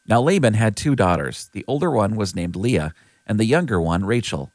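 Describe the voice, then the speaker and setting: A man giving a clear, steady scripted reading of scripture. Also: lowish voice, moderate pace, dry recording. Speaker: scripture reader.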